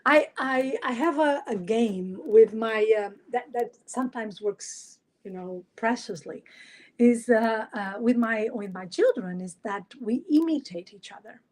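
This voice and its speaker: Chatty woman coach, slightly high voice. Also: unhurried. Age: 40s. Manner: warm, chatty, with frequent fillers and restarts; laughs often while telling stories. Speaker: life coach. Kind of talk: live podcast talk.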